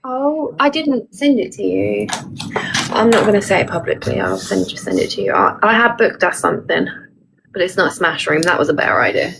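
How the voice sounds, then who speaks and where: A woman's voice: medium pitch, sing-song, a little fast, gravelly, crowd noise, rough recording. A woman, chatting on a phone livestream as a reassuring, frank and supportive friend. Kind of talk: casual chat.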